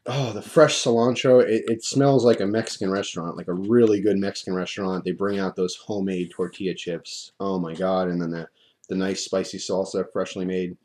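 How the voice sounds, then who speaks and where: Low-voiced man with a mellow tone. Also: fairly quick. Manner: relaxed, chatty, rambling with restarts. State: mouth burning from hot sauce, drooling. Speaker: hot sauce reviewer. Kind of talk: casual video review. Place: at home at his desk.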